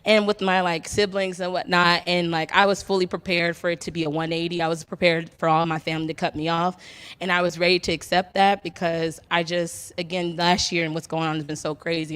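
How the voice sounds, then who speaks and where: A woman's voice: on the low side, a bit bright, clean tone. A young woman from Detroit telling a candid personal story at a live storytelling event, rambling and laughing often. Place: barbershop.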